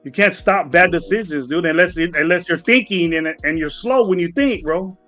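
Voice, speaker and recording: Heated man with a higher, dry voice. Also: moderate pace, sharp tone, no room sound, faint music behind. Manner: heated, emphatic, repeats phrases. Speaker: podcast co-host. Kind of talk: casual postgame rant.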